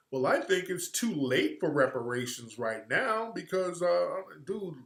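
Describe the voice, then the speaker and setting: Deliver this as a man on a livestream, speaking high, bright and forceful, firing off rhetorical questions with blunt profanity. The voice sits in a roomy space with a clear echo. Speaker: livestream host. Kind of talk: livestream monologue.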